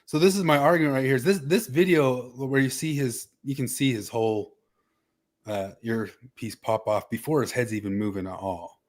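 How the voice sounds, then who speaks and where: A man's voice: mid-range voice, moderate pace. A man hosting a casual podcast chat, rambling and hedging with lots of fillers. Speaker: podcast host.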